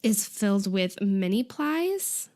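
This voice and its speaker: A woman's voice: medium pitch, slow pace. A young woman co-hosting a casual podcast, retelling an episode with lots of "like" and laughter. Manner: animated storytelling, frequent "like" and laughter. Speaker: podcast co-host.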